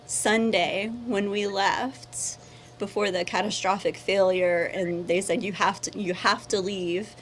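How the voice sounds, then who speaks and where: A woman's voice: mid-range voice, steady tone, a little slow, a little hiss or hum. A woman, a local resident and small business owner, recounting her experience in a recorded interview with heartfelt emotion. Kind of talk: recorded personal testimony.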